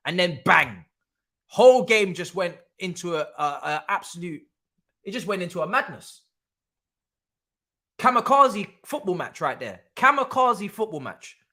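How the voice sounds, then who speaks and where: A young man hosting a live football watch-along, talking excitably, repeating himself and swearing freely. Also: high-pitched. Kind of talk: live stream reaction commentary.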